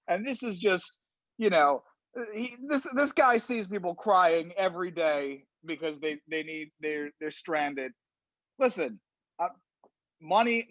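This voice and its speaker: A man comedian arguing his side in a casual comic debate, halting with many restarts. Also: high-pitched, fairly bright tone, no room sound, lo-fi sound.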